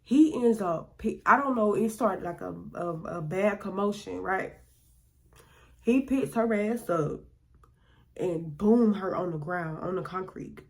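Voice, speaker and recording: A woman with a mid-range voice talks a little slowly as she tells a personal story for her vlog. The style is slangy and chatty, with many acted-out quotes from other people.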